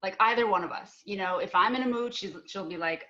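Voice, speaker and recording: A woman's voice: mid-range voice, fast, a crowd in the background. Young woman telling a story on a panel, earnest, lots of um and like, kinda muffled call audio. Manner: earnest, animated, acts out both sides of arguments. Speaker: panel speaker.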